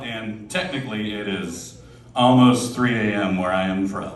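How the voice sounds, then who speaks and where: A man in his thirties doing a stand-up comedy set on a club stage, telling self-deprecating stories in a deadpan way. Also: medium pitch, measured pace. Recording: roomy club from a distance, crowd.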